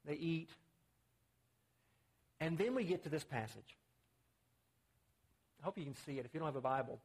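A man's voice: animated, moderate pace, husky. A man preaching a conversational sermon, acting out the quotes he reads. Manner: conversational, acts out quotes with rising pitch.

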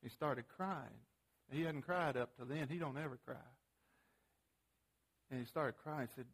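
Teaching a parenting class, this middle-aged man speaks in a mid-range voice with a breathy edge. He's folksy and plain-spoken, using casual grammar as he shares a family story and fields audience questions, often restarting haltingly when he gets animated.

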